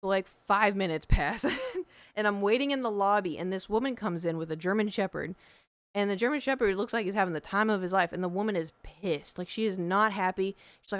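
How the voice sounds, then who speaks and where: A young woman tells a story on her stream, chatty and animated, jumping in and out of quoted voices. Her voice is smooth and clear, with a dry, close sound. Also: medium pitch, fairly quick, dry recording. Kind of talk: casual storytelling on a livestream.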